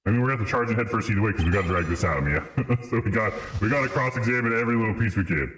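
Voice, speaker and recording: A man's voice: lowish voice, very fast, fairly bright tone, a little hiss or hum. A man streaming a game live, bantering playfully with chat and laughing often. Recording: roomy echo with music behind.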